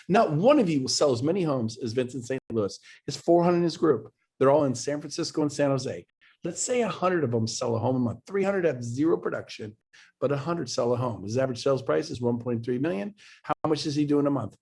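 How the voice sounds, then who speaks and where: Brief: a husky-voiced male real estate coach on a video call, pushy and emphatic, building to exclamations. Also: medium pitch, expressive, a little fast, a little mellow. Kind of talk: motivational webinar talk.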